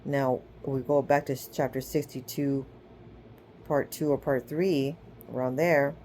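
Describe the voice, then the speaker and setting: A woman's voice: rumbling low, steady tone, measured pace, mellow, a little hiss or hum. Chatty woman teaching scripture, casual. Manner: chatty, checks in with "okay?" and "right?"; retells scripture stories with acted-out quotes. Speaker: online spiritual teacher.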